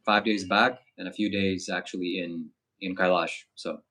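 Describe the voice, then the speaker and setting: A man who hosts spiritual retreats, speaking calmly and earnestly with hesitant fillers. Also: sits low, moderate pace. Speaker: spiritual streamer and retreat host. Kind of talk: casual chat.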